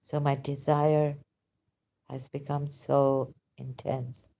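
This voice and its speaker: A woman delivers an impassioned monologue in a low, mellow voice. She talks slowly and emotionally, often stopping to restart her sentences. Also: level tone, vocal fry. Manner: emotional, halting, with many pauses and restarts. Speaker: religious critic vlogger.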